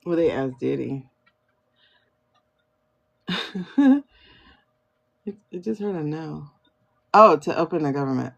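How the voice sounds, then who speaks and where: A woman's voice: low voice, animated, slow pace, vocal fry, pauses often, dull audio. Chatty woman doing a livestream reading. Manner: muses aloud, asks herself questions and answers them; chatty, thanks viewers by name. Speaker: tarot and pendulum reader, livestream host. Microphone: phone livestream.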